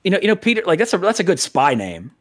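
An American man co-hosting a podcast, talking casually with a slightly high voice. He rambles, swears freely and laughs at his own jokes. The sound is close and dry, with little room around it. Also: huge pitch swings, very fast, no echo. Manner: rambling, profane, laughs often. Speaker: podcast co-host.

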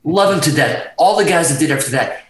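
A man from Massachusetts telling profane, animated stories as a guest on an interview show. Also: a little high, fairly quick, roomy sound, recorded from a distance, low-quality recording. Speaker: guest guitarist. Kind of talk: casual storytelling interview.

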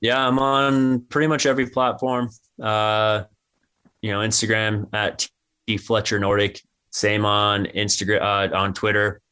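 A man's voice: fairly low pitch, unhurried, smooth. A young man answering interview questions casually, with lots of "um" and "you know". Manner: relaxed, many "um" and "you know". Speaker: interview guest, athlete.

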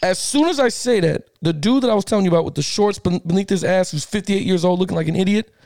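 A middle-aged man with a high, gravelly voice tells a story in a fired-up podcast chat. He keeps circling back in slang and laughs often. His voice is recorded dry and close. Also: fast, a little mellow, no room sound. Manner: slangy, repeats himself. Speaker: podcast co-host. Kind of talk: casual sports podcast chat.

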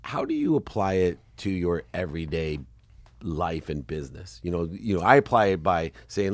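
A man in his fifties hosting a podcast interview, talking in an animated, rambling way and laughing often. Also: deep voice, moderate pace, dry recording. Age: 50s. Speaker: podcast host. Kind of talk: conversational interview.

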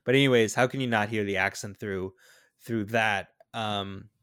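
A man's voice: on the low side, steady tone, normal speed, fairly bright tone, clean tone. A man co-hosting a podcast, chatting casually about a film, asking questions and laughing easily. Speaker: podcast co-host. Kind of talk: casual movie-review chat.

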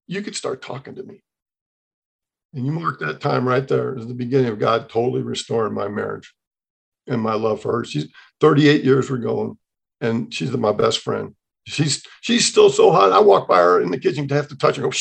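A man in his sixties, a podcast guest, telling a personal faith testimony in an animated way, acting out the dialogue he quotes. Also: mid-range voice, moderate pace, gravelly, breathy edge.

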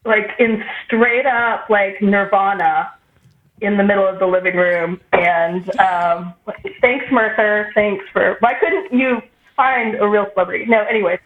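A woman co-hosting a podcast, telling a story in casual chat and quoting people in lively voices. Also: medium pitch, a little slow. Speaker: podcast co-host. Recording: echoey room over a tinny phone-like line with faint noise.

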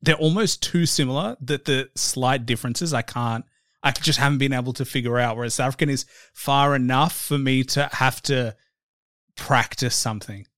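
A man's voice: medium pitch, normal speed, fairly bright tone, no room sound. Australian male podcast host, dry sound. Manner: chatty, playful, mimics accents. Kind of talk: casual interview chat.

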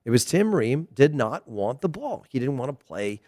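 A man's voice: mid-range voice, sing-song, normal speed, mellow, dry recording, studio quality. A middle-aged American man, a former player, giving a digressive, emphatic casual commentary monologue. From United States.

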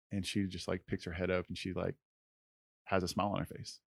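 A man's voice: low voice, level tone, fairly quick, gravelly, a bit bright, no room sound. A man co-hosting a podcast, telling a personal story in an earnest, conversational way with lots of filler words. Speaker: podcast co-host.

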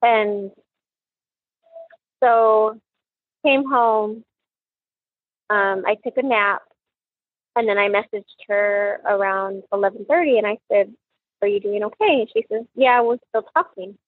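A woman's voice: medium pitch, no echo. Mother on a tinny phone line. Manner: halting, repeats words, quotes dialogue often. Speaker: mother recounting her daughter's last day. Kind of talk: personal account in a true crime podcast.

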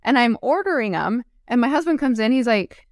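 A woman's voice: fairly high pitch, fairly quick, no echo, studio quality. A woman guest on an interview, chatting casually and acting out stories with frequent laughs. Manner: animated storyteller who acts out quotes and laughs often. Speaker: guest entrepreneur.

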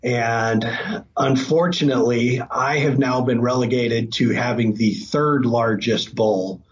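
A middle-aged man sits at an average pitch and tells a hunting tale in a loose, casual way, slipping into lively, excited quotes. The recording sounds a little dull, with a faint hiss underneath. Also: takes it slowly. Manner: animated, breaks into excited quoting. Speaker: hunting guest. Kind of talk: casual storytelling.

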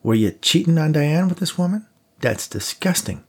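A man voicing a chatty, quick-witted young woman in an audiobook, with a lilting, cheeky delivery. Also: a little high, big pitch swings, a little mellow, husky, pitched above the performer's own voice. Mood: perky. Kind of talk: audiobook character voice.

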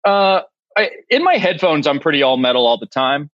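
A man's voice: fairly high pitch, sing-song, normal speed, no echo, dull audio. A man in his forties from Massachusetts, a chef guesting on a podcast, talking in a dry, self-mocking way. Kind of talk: casual interview chat.

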